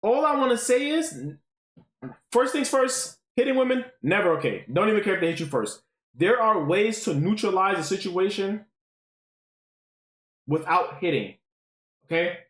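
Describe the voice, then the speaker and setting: A man talking casually to his live-stream chat. He is animated, swears freely and keeps checking in with "right?". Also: high voice, moderate pace, long pauses. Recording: roomy echo.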